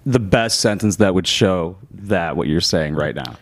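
A young man hosts a loose podcast chat, cracking crude jokes. His pitch moves a lot, jumping up for exaggerated voices. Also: lively intonation, measured pace. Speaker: podcast host. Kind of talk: casual chat.

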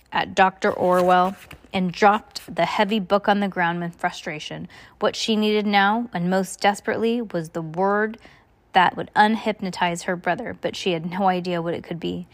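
A woman reading a novel aloud, stumbling and restarting often. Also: on the low side. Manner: halting, with many restarts. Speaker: reader.

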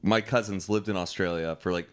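A man with a Texan American accent in casual chat, animated and often jumping into high mocking voices. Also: fairly quick.

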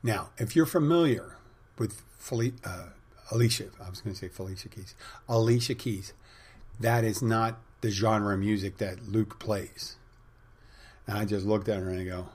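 Rambling husky-voiced man telling a story. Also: on the low side, fairly even intonation, normal speed, darkish tone. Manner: rambling storyteller with many fillers. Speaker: podcast host; bartender and spin instructor. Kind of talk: casual monologue.

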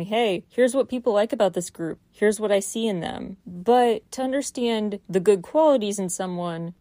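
A woman's voice: mid-range voice, a little mellow, no echo. A woman hosting a solo news recap podcast, talking through her critiques with incredulous rhetorical questions. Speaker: podcast host.

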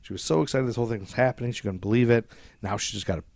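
In clean, dry studio sound, this podcast host, of Scottish descent and raised in America, speaks rapid-fire in a mid-range, darkish voice with vocal fry. His story rambles casually as he swears freely and voices quotes in changing voices.

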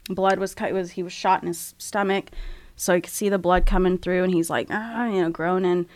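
Woman guest, candid storyteller, halting and tearful delivery. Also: lowish voice, flat delivery, a little mellow. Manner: frank, halting, emotional retelling.

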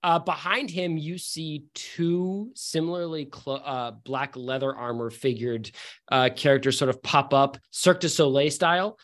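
A man's voice: a little high, a little slow, fairly bright tone. A man running a tabletop game as dungeon master, describing scenes with many fillers and restarts.

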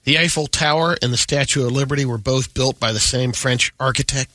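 A man's voice: medium pitch, a little fast, sharp tone, no echo. A man co-hosting a morning radio show, reading news and fun facts in an upbeat way. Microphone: studio microphone.

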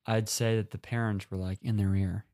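A man's voice: lowish voice, flat delivery, moderate pace, warm tone. A man co-hosting a casual podcast, reacting to stories with dry, sarcastic jokes. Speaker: podcast co-host. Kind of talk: casual chat.

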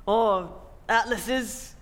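A man's voice: sits high, very slow, fairly bright tone, exaggerated voice. A man playing a grandiose, rambling older tycoon who is the hero's father. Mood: pompous. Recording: reverberant room.

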